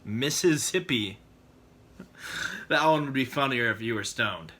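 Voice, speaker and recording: A man telling quick one-liner jokes and puns in a comedy video, often laughing at his own jokes. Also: mid-range voice, lively intonation, pushed and bright. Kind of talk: joke-telling compilation.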